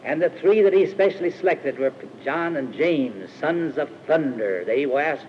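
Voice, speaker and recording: An older man with a fairly high voice tells stories in a loose, rambling sermon, stumbling over uh's and restarting his sentences. The sound is a dull, muffled old archive recording with faint hiss behind him. He is speaking at a camp meeting. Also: expressive. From Iowa, USA. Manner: rambling, halting, with many uh-hesitations and restarts. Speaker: speaker at a Christian retreat camp. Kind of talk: informal storytelling sermon.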